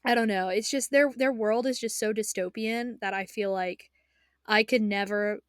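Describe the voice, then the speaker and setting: A woman's voice: medium pitch, moderate pace, dry recording, clean studio sound. A young woman ranting in a casual vlog as an anime fan, rambling and emotional, with frequent restarts and swearing. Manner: excitable, emotional. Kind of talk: casual spoken rant.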